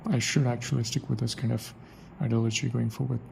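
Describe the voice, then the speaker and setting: A man's voice: medium pitch, fairly even intonation, fast talker, gravelly, darkish tone, slight background noise, poor audio. A young man thinking aloud in a casual monologue, repeating phrases as he tries out a way of speaking. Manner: muses aloud, repeats phrases to try them out. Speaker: accent practice vlogger.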